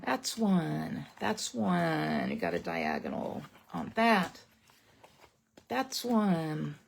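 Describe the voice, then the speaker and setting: A middle-aged woman chatting excitedly through a card-making demonstration, talking straight to her viewers. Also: low voice, very slow, gravelly, a little hiss or hum. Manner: bubbly, chatty, exclamatory, talks straight to viewers. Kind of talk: casual craft demonstration, live stream.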